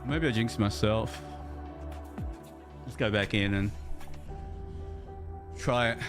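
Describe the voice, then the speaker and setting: A man's voice: lowish voice, takes it slowly, music in the background. An Australian man chatting casually on a game livestream, rambling and repeating words as he thinks aloud, reading viewer chat as he plays. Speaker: streamer.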